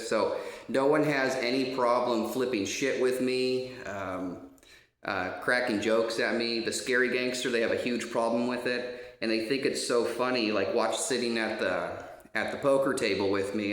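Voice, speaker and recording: A man spins a loose, casual anecdote in a lowish voice, wandering through fillers and restarts and swearing without a second thought. The sound bounces around a roomy space, giving it a hollow echo. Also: fairly bright tone. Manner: rambling, many fillers and restarts, swears freely. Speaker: storyteller.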